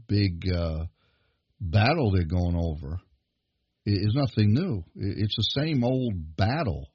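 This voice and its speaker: A low, husky-voiced man preaching a sermon, pressing his points with rising emphasis. The sound is dry and close, with a dull, lo-fi quality to the recording. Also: no echo. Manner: emphatic preaching, building in pitch and force.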